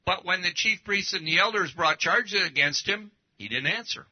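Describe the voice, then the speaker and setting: Animated preacher man, lo-fi sound. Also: high voice, normal speed, hardly any pauses. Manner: emphatic, lively preaching with rhetorical questions. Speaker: pastor. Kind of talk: sermon.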